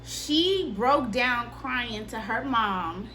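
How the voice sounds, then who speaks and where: Young woman, vlogger, candid swearing storyteller, raised pitch, bright tense tone. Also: extremely slow, a little hiss or hum. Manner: candid, profane, animated storytelling. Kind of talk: casual storytime.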